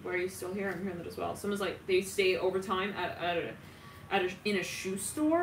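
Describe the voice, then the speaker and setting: A woman giving a casual tarot reading, animated, laughing often and swearing. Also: fairly low pitch, fairly quick. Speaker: tarot reader. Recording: roomy, distant from mic, faint ambient noise.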